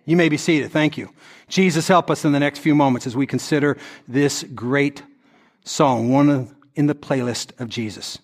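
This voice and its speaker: A man's voice: medium pitch, moderate pace. A male pastor preaching to his congregation, dramatic as he voices the prayers of troubled people. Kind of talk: sermon. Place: church sanctuary with congregation.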